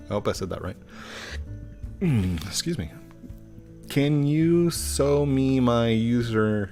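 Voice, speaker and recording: A man's voice: medium pitch, expressive, moderate pace, pauses often, darkish tone. A middle-aged man hosting a casual live stream, reading viewer questions aloud in a chatty, goofy way and stumbling over usernames. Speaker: game streamer. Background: faint guitar music.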